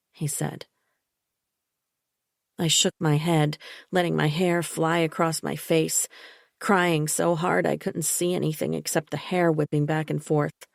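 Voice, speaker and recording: A woman reading a psychological thriller audiobook in first person, measured and unhurried. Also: low voice, flat delivery, vocal fry, no room sound, studio quality. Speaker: audiobook narrator.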